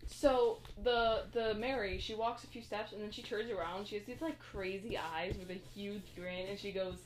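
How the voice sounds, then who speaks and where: A young woman tells a story in a loose, rambling way, full of fillers and little acted-out quotes. Her voice sits at a middle pitch and carries the echo of a roomy space. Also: steady tone, moderate pace, slight background noise. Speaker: podcast co-host recapping a movie. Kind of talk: casual chat.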